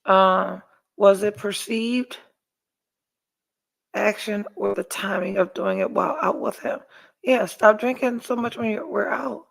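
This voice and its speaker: A woman's voice: mid-range voice, steady tone, measured pace, creaky. A middle-aged woman hosting a podcast, telling a story in casual chat and reading viewer comments, blunt and profane. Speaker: podcast host.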